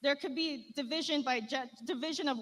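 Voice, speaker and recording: High-voiced woman speaking in a reverberant hall. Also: fairly quick, fairly bright tone. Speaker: conference speaker. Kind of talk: prepared speech. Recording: played-back speech with long hall reverb.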